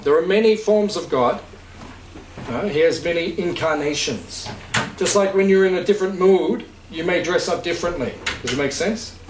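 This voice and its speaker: A fairly high-voiced man gives a relaxed spiritual talk to a gathered group, chatty and often asking whether his point makes sense. He is picked up from a distance in a reverberant room, with a faint hiss underneath. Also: normal speed. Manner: conversational, checks understanding with questions, laughs easily. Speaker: spiritual teacher.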